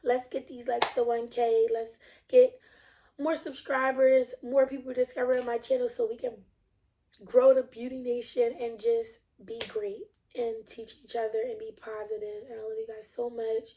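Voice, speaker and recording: Chatty woman vlogger with a mellow voice. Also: a little high, flat delivery, normal speed. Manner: chatty, rambling, laughs often. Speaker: beauty vlogger. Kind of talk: casual chat and product demo.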